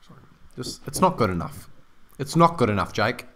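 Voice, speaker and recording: A man co-commentating a rugby league match casually, tossing out quick jokey remarks. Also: mid-range voice, sing-song, a bit bright, a little hiss or hum.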